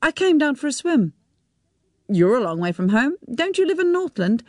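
A woman's voice: high voice, big pitch swings, moderate pace, darkish tone, dry recording, studio quality, pitched above the performer's own voice. A woman voicing a puzzled young man who turns defensive, speaking plainly and directly.

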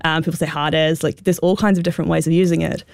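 A woman's voice: sits low, little pitch movement, fast talker, gravelly, a little mellow, clean tone, no room sound, clean studio sound. Chatty woman with a New Zealand accent. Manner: chatty, many fillers like "sort of" and "um". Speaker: guest expert on slang. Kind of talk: radio interview, explaining.

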